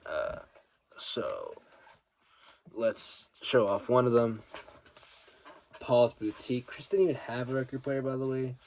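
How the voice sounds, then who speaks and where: A man's voice: medium pitch, big pitch swings, slow pace, creaky, long pauses, a little mellow, slight background noise. A young man casually chatting about his vinyl records, telling rambling stories and swearing freely, while grieving a late friend. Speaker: record collector vlogger. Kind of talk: casual vinyl haul chat.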